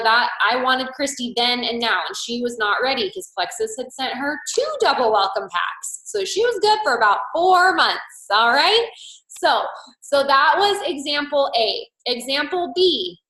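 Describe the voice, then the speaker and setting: A woman with a bright, forceful voice coaching her sales team on a call. She talks in a chatty, storytelling way and acts out the back-and-forth of past conversations. The sound comes through with a noticeable echo of the room around her. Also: high voice, lively intonation, moderate pace. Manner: chatty storytelling, acting out quoted dialogue. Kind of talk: motivational sales coaching talk.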